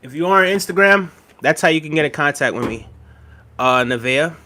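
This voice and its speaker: A man's voice: a little high, lively intonation, a little fast, pushed and bright. A man chatting casually on a live stream, reading out chat messages, repeating himself and laughing often.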